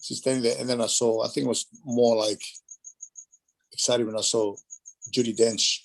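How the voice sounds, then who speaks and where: A man spins loose, rambling stories in a relaxed interview, doubling back and filling gaps with asides. His pitch sits in an ordinary middle range. The telling stays animated throughout. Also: normal speed, vocal fry, poor audio. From Australia. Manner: rambling, animated, lots of fillers. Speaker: guest, retired wrestler. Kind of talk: casual storytelling interview.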